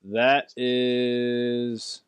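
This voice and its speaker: A man's voice: mid-range voice, monotone, very slow, clean tone, no room sound. A man running a tabletop game for friends, rambling with restarts and laughing asides. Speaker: game master.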